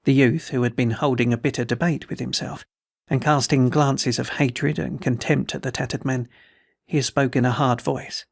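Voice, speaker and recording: A man reading a novel aloud in a steady, measured narration. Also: medium pitch, vocal fry, slightly rough, no echo, clean studio sound. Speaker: audiobook reader. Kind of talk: scripted narration.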